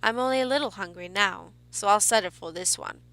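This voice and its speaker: A woman voicing a menacing, gravelly young carnival man with a German accent. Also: medium pitch, a little fast, a bit bright, lightly acted, rough recording.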